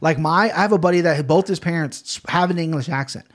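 A man's voice: a little high, quick pace. Rambling, profane man hosting a podcast. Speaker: podcast host. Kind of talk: casual chat.

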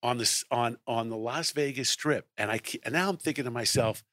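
A middle-aged man telling a lively story, acting out his own lines as he goes. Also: medium pitch, fairly quick, no room sound, studio quality. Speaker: guest storyteller. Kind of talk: animated anecdote telling.

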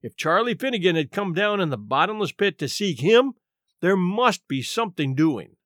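Male audiobook narrator, expressive, slightly high voice. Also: no room sound, studio quality. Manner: expressive, measured storytelling.

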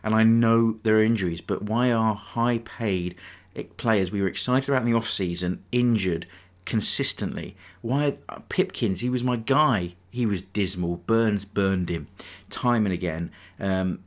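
A man's voice: on the low side, a little slow, few pauses. A man hosting a casual sports podcast, ranting with frustration about his team. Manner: frustrated, rambling fan rant. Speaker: podcast host.

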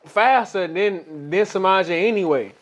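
A man's voice: high-pitched, a little slow. A young man arguing about a football game in casual, slangy chat, repeating himself as he builds his point.

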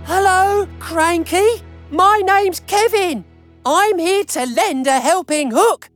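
A woman voicing a small, eager young crane with a bright, keen way of talking in a storybook reading. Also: very high-pitched, slow, no room sound, faint music behind, voice pushed up.

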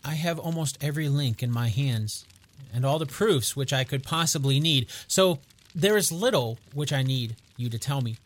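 Man doing a quiet, stern detective. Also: medium pitch, lively intonation, normal speed, lightly acted. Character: cool, commanding male detective.

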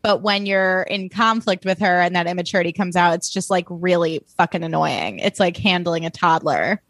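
A woman co-hosting a podcast in casual chat, blunt and swearing freely, talking in quick bursts. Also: fairly low pitch, a bit bright, no echo. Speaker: podcast co-host.

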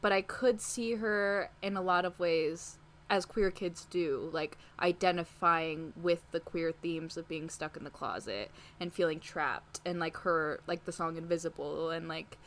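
A woman co-hosting a casual podcast chat, relaxed and quick to laugh, filling pauses with "um" and "you know". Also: lowish voice. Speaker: podcast co-host.

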